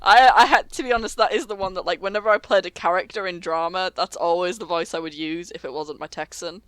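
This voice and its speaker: A woman co-hosting a casual podcast about tabletop games, laughing often and pausing with ums. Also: fairly low pitch, a bit bright, clear, resonant tone, dry recording. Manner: laughs easily, hesitant, lots of ums. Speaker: podcast co-host and game master.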